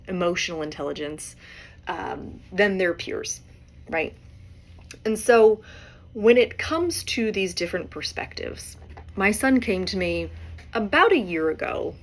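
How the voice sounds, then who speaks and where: A woman's voice: fairly low pitch, creaky. A woman in her forties hosting a solo podcast, talking in a conversational way and often adding tag questions. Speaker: podcast host.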